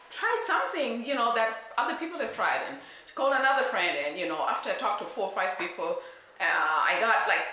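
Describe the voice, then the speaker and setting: Animated woman in a very echoey room. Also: mid-range voice, slight background noise. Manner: animated, acts out quotes, frequent "right?" asides. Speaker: weight-loss coach. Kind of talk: personal storytelling to camera.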